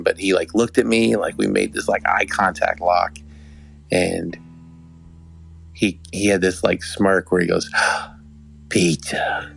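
A young adult man hosts a podcast in a deep, creaky voice. His casual storytelling is rambling and affectionate, full of restarts.

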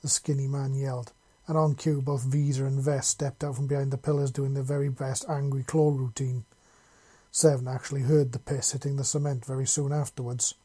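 Dude reading a story out loud, dark husky voice, casual. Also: male voice, medium pitch, brisk. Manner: casual, expressive, crude words. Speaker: reader. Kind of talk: reading fan fiction aloud.

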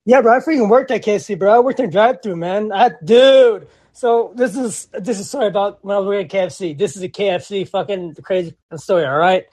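A young man with a notably high-pitched voice chats on a casual podcast as co-host. He rambles excitably, full of slang, and keeps restarting his sentences. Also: brisk, hardly any pauses, slightly rough, no room sound. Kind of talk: casual chat.

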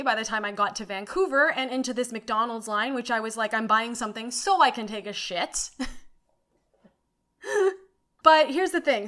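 A young woman hosting her own podcast, telling stories in an animated way, swearing freely and saying "like" often. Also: fairly high pitch. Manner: animated, swearing storyteller with frequent "like". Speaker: podcast host. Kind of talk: casual solo podcast monologue.

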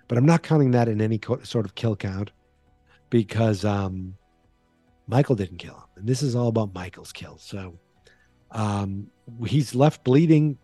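Mellow-voiced man rambling through a recap. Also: mid-range voice, dry recording. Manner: rambling, chatty, frequent fillers and restarts. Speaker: podcast host. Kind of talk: casual horror movie recap.

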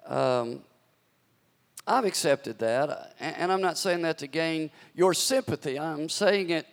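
A man's voice: fairly high pitch, takes it slowly, creaky. A man preaching a sermon as pastor, stretching out scripture phrases with dramatic emphasis. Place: church sanctuary. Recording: long hall reverb.

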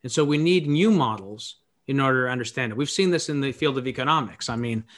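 Male podcast guest, mid-pitch, reflective thinker, talks ideas through out loud. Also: fast talker. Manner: musing, philosophical, thinks aloud. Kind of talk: reflective conversational talk.

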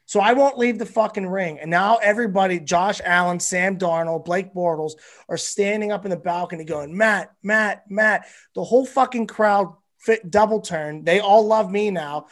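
A man's voice: sits high, normal speed, hardly any pauses. A male comedian guesting on a podcast, telling a rambling, profane story in casual chat.

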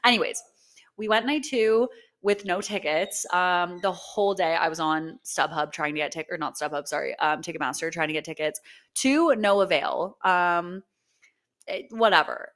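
A woman's voice: fairly low pitch, moderate pace, a bit bright. A young woman co-hosting a podcast in casual chat, gushing and swearing freely, with lots of "like" and "um". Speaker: podcast co-host.

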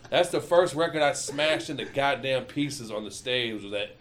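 In a casual chat, a storyteller from Michigan, USA, curses a lot and performs the lines people said with lively energy. His mid-range voice runs at normal speed, with slight background noise.

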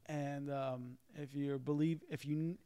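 A man's voice: fairly high pitch, steady tone, unhurried, warm tone, clear, resonant tone, no echo, studio quality. A man co-hosting a ministry podcast, earnestly encouraging viewers. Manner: earnest, encouraging, repeats himself. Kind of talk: casual ministry talk, appeal to viewers.

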